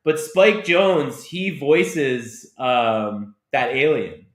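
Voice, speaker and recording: A man guesting on a casual movie podcast, an animated storyteller who acts out film scenes in funny voices. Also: mid-range voice, drawn-out words, reverberant. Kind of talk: casual chat.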